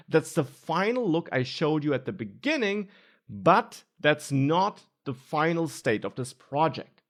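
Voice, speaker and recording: A man teaching a screen-recorded web coding tutorial, explaining step by step with stressed key words. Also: a little high. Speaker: coding instructor.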